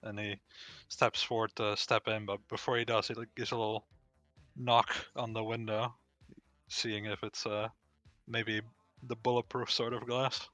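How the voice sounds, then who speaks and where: A man describing his character's actions in a tabletop game, with halting restarts. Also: lowish voice, flat delivery, sharp tone, no room sound, faint music behind. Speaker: tabletop player. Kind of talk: casual game narration.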